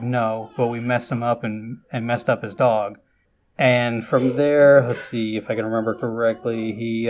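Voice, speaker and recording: A man in casual chat, retelling a movie scene by scene in a rambling way, with restarts and quoted lines. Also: medium pitch.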